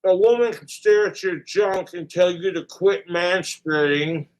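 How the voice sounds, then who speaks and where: A man's voice: high-pitched, unhurried. Crude, boastful man ranting on stream. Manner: vulgar, boastful, mock-tough; talks while chewing. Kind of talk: crude ranting livestream monologue.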